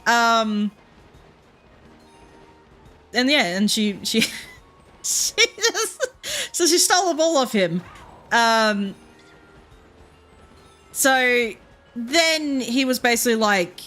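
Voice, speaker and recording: Bright-voiced Australian woman streamer. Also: a little high, animated, faint music behind. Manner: rambling storyteller, laughs often, quick asides. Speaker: game streamer. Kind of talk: casual chat while playing.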